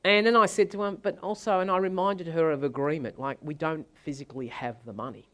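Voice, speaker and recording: Animated male sales trainer. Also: on the high side, fairly quick. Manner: animated storytelling, dramatic. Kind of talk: seminar talk with anecdotes.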